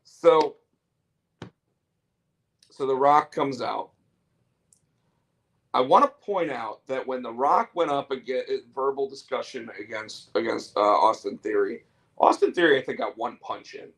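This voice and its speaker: A man co-hosting a casual chat show, excitable, tripping over repeated words and slipping into wrestler impressions. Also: mid-range voice, a little slow, long pauses. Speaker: podcast co-host.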